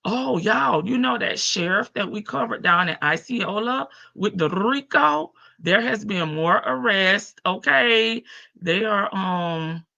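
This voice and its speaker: A woman's voice: mid-range voice, animated, slow pace, creaky, bright, forceful tone, dry recording, highs cut off. Heavy-voiced woman chatting on a porch. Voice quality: heavy morning voice. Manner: chatty, greets chat viewers by name. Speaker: live-stream host. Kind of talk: casual live-stream chat. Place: front porch outdoors.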